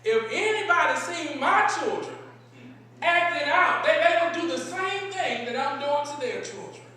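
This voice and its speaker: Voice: sits high, animated, a little slow, bright, forceful tone, heavily acted. A preacher putting on an elderly Southern grandmother. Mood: reminiscing. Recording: echoey sanctuary from a distance.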